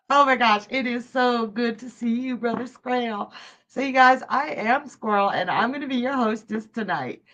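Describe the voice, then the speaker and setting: A woman's voice: fairly high pitch, unhurried, pauses often, a bit bright, highs cut off. A woman hosting a live psychic stream, chatting bubbly with viewers and laughing often. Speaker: psychic hostess. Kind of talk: live-stream chat reading viewer comments.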